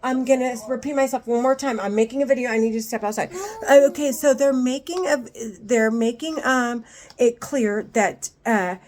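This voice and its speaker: Woman vlogger on a home video rant, somewhat high-pitched voice, swearing hard and tripping over restarts. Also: a little mellow. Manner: angry, profane, halting with restarts. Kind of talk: agitated monologue to camera.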